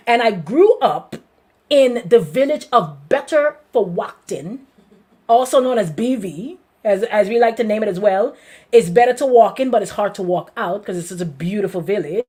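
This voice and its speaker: A Guyanese woman pastor telling her life story in an animated way, with lots of repetition and restarts. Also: mid-range voice, normal speed. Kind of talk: personal testimony to a congregation.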